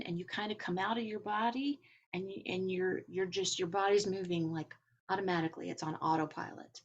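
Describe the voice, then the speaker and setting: A woman hosting a podcast, talking in a gentle, encouraging and rambling way as she comments on spiritual topics. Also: fairly low pitch, fairly even intonation, brisk, muffled recording, slight background noise. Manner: rambling, with filler words. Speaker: podcast host.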